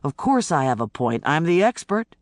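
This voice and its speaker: An audiobook narrator voicing a calm male federal agent who speaks in a level, measured, gently insistent way. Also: fairly high pitch, no echo, studio quality. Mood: dry. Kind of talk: audiobook character voice.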